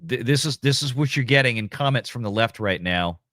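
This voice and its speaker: A male livestream host speaks in a subdued, halting way, restarting his thoughts. His voice is forceful and bright, recorded dry and close. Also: medium pitch, animated, no echo. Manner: somber, halting, many fillers and restarts. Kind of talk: casual livestream commentary.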